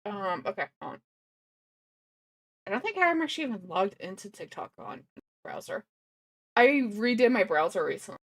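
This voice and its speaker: A woman livestreamer thinks aloud while reacting to videos. She rambles with plenty of fillers. Her pitch moves around a lot. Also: big pitch swings, moderate pace, long pauses. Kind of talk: casual reaction stream chat.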